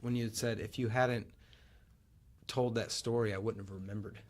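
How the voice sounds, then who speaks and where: A middle-aged man hosting a casual chat, telling animated stories and acting out the people in them. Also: fairly low pitch, moderate pace. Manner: animated, acts out quoted voices and laughs while telling stories. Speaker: podcast host.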